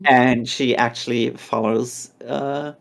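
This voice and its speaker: A podcast co-host recapping a chapter in casual chat, animated and acting out characters in quick voices. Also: mid-range voice, vocal fry.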